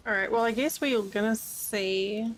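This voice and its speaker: A woman's voice: on the high side, a little slow. A tired woman streaming a game, rambling casually to chat as she yawns. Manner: rambling, chatty, yawning.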